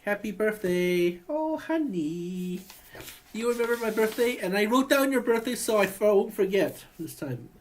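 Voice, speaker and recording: A man recording a rambling, affectionate personal video message, talking in halting bursts full of restarts and calling his partner honey. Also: high-pitched, lively intonation, slight background noise. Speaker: vlogger.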